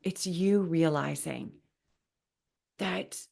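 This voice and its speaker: A woman's voice: fairly low pitch, drawn-out words, gravelly, darkish tone, slightly rough. A woman hosting a podcast, talking through an unscripted monologue in an earnest, rambling way, full of fillers and restarts. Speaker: podcast host.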